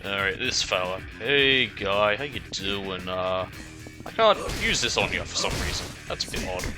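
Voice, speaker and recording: A man's voice: fairly low pitch, sing-song, normal speed, over music. A man streaming a game, making casual joking commentary and talking back to the game.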